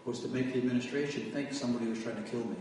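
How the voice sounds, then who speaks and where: Male preacher telling his story from the pulpit, mid-pitched, caught by a distant mic in a very echoey hall. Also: steady tone, very fast, darkish tone, a little hiss or hum. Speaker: preacher giving testimony. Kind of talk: testimony sermon.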